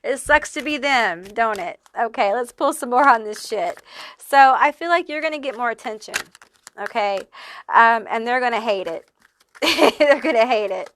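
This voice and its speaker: A woman's voice: fairly high pitch, lively intonation, normal speed, a bit bright. A woman giving a casual pick-a-card tarot reading, sassy and salty, calling viewers honey and laughing often. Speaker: tarot reader.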